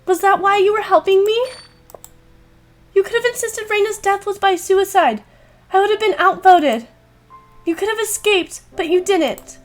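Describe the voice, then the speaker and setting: A woman voicing an earnest, emotional teenage schoolgirl heroine in a horror visual novel, in a high, urgent voice. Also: moderate pace, pauses often, faint music behind. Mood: pleading.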